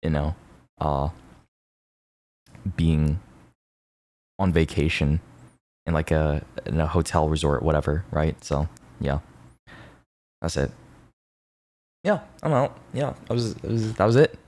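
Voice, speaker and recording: A man's voice: very deep voice, slow, long pauses, a little mellow. A young man streaming, chatting casually to his viewers in a rambling, self-mocking way with lots of fillers and laughs.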